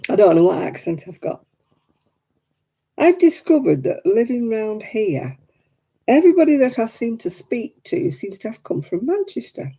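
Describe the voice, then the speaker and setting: A woman from Oldham with a softened northern English accent, chatting casually on her crafting video and laughing often. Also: on the high side, big pitch swings, moderate pace, husky. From Oldham, England. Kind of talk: casual chat.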